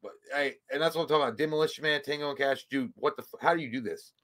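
A man's voice: on the high side, rapid-fire, a bit bright. A man co-hosting a casual movie chat, joking and crude, rambling into long bits. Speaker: podcast co-host.

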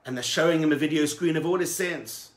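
A male rabbi giving a sermon, telling a story with animated delivery that moves between hushed and emphatic. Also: on the high side, fairly quick.

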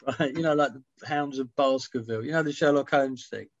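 A middle-aged music writer appears as an interview guest over a video call, telling animated anecdotes, swearing casually, and acting out quotes. His voice is medium-pitched and a little fast, and the audio sounds dull.

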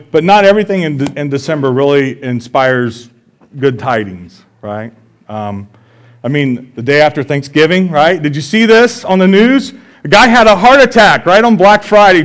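A man with a Midwestern American accent preaching a sermon in a church, conversational and joking, often checking in with the congregation. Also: on the high side. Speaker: pastor. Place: church sanctuary.

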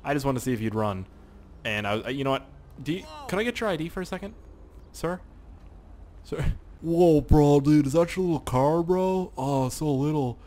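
Excitable young man yelling through gameplay. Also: on the high side, moderate pace. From Canada. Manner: excitable, swearing, laughing, yelling at the game. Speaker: gaming YouTuber. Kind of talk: casual gameplay commentary.

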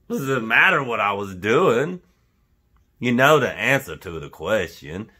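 Lively, husky-voiced man ranting about pet peeves. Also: lowish voice, a little slow. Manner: animated, jokey, goes off on tangents. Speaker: vlogger. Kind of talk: casual rant to camera.

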